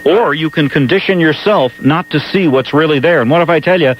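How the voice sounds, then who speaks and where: A man's voice: fairly high pitch, a little fast. A man with a New York accent hosting a talk radio show, talking emphatically and repeating words when he presses a point. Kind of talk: talk radio monologue and calls. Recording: dull archival AM radio with faint hiss.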